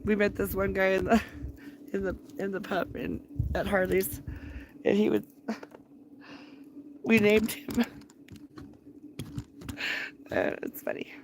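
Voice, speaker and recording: A woman's voice: mid-range voice, flat delivery, slow pace, pauses often, slight background noise. A middle-aged woman telling a rambling story to her live stream from a campfire at night, laughing often as she talks. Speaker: livestreamer. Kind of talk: casual storytelling. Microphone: phone live stream.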